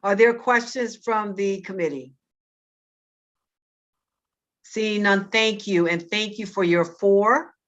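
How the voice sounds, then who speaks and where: A woman chairing a committee hearing, polite and brisk. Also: medium pitch, dull audio.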